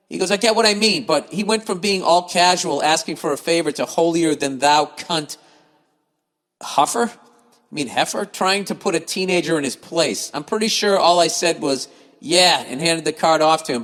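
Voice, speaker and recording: A man on a podcast reads out listener mail and then tears into it, cursing freely and sounding exasperated and sarcastic. His voice sits a little high for a man. A long reverb trails behind his words. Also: normal speed, fairly bright tone. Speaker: podcast host. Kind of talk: reading listener emails and ranting comedically.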